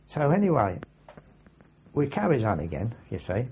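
An older man tells vivid, salty anecdotes in casual oral-history storytelling, with a husky voice. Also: medium pitch, wildly swooping pitch, moderate pace, long pauses. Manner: vivid anecdotal, salty language, acts out his own shouts. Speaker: veteran recounting wartime memories. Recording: dull lo-fi archive recording.

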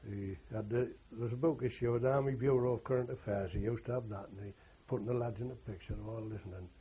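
A man's voice: medium pitch, fairly even intonation, fast talker, warm tone, breathy edge. An older man, a war veteran telling rambling oral history anecdotes and quoting others with "he says". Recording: dull lo-fi recording.

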